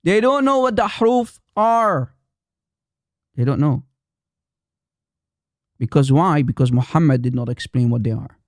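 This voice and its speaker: A man's voice: a little high, animated, measured pace, long pauses, no echo, studio quality. A man hosting a live stream, arguing in a combative, repetitive way and firing challenges at his audience. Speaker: livestream host. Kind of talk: heated live-stream polemic.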